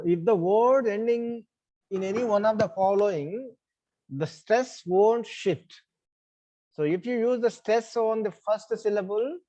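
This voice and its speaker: A male teacher, giving an online class over a video call, explaining slowly and calling on students. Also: high-pitched, warm tone. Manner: explains slowly, repeats questions, calls on students. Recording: slightly muffled online class audio.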